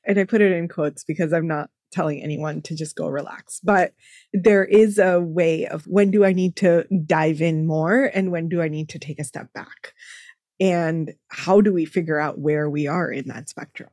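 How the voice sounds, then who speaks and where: A woman doctor appearing as a podcast guest, speaking in an animated, chatty way and laughing often. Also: sits low, moderate pace, no room sound, clean studio sound. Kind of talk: casual interview chat.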